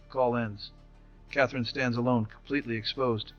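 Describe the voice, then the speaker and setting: A man giving a scripted, dramatic story narration in an even voice. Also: mid-range voice, normal speed. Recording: slightly dull audio with faint music.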